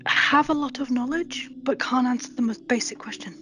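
A woman's voice: high-pitched, moderate pace. A woman with a stammer, candidly telling her own story in an interview and acting out past conversations. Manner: candid, animated retelling of conversations. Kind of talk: personal testimony interview.

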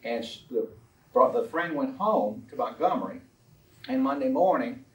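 A man's voice: medium pitch, big pitch swings, moderate pace. Chatty man lecturing in a roomy space. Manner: chatty, anecdotal, with frequent fillers. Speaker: presenter of a historical collection. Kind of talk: illustrated lecture. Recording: roomy sound from a distant mic.

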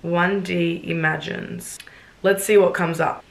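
A woman's voice: lowish voice, steady tone, slow pace, gravelly. A woman, reacting bluntly and sarcastically on a casual vlog and swearing freely. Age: 20s. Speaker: YouTuber. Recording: roomy echo.

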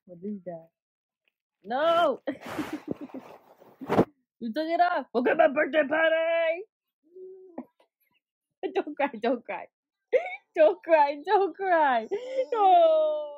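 A mother at home coaxes her baby in sing-song baby talk, laughing often. Her voice sits a little high and swoops widely while she takes her time. The sound is dry and close. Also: lively intonation, takes it slowly, long pauses, dry recording, narrow, tinny audio. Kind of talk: home video chat with a baby.

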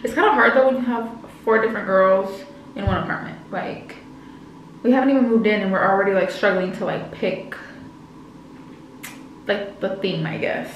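A woman's voice: mid-range voice, moderate pace, pauses often, very echoey, far from the mic, noisy background. A young woman of about twenty vlogging casually, slangy and chatty, with a slight lisp from wearing retainers. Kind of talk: casual vlog chat to camera.

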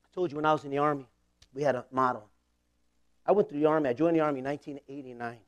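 Man, 40s, pastor, high voice, fervent sermon with call-and-response. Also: racing. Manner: impassioned preaching with call-and-response.

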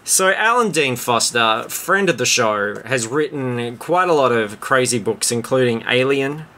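Joking bright-voiced man hosting a podcast. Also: medium pitch, lively intonation, measured pace. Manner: joking, rambling, crude humour. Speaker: podcast host. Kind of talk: casual podcast chat.

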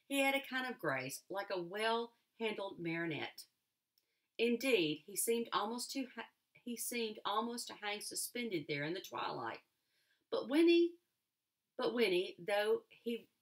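Expressive woman reading a novel aloud. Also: medium pitch. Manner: expressive, lively storytelling. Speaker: elementary school teacher.

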